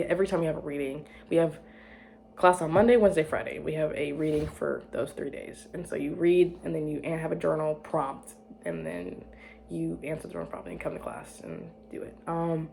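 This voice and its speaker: A woman's voice: fairly low pitch, gravelly, a little mellow, slight background noise. A young woman student talking alone in her room in a casual, rambling way, playful and self-mocking, often repeating herself. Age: young adult. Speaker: student vlogger.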